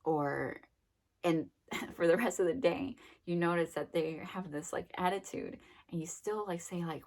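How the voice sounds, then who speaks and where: A woman's voice: on the low side, steady tone, a little slow, a little mellow. A young adult woman giving a casual, rambling self-help talk, full of fillers and acted-out quotes. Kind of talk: casual monologue.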